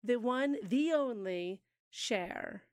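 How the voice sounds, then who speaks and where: A woman's voice: fairly high pitch, animated, extremely slow, clear, resonant tone, no room sound, studio quality. A woman co-hosting a podcast in casual chat, enthusiastic and emphatic, often chiming in to agree. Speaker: podcast co-host.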